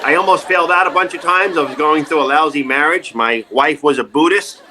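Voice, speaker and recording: A middle-aged man with a New York accent, telling jokey stories in a casual interview, animated and wisecracking. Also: a little high, a little fast, slight background noise. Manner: animated, wisecracking, jumps into quoted voices. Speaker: actor and comedian, interview guest. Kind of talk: casual interview, joking storytelling.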